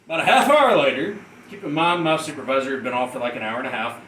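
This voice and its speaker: A man telling a profane comedic rant in an animated way, often laughing through his story. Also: mid-range voice, fast talker, reverberant, far from the mic, a little hiss or hum, rough recording.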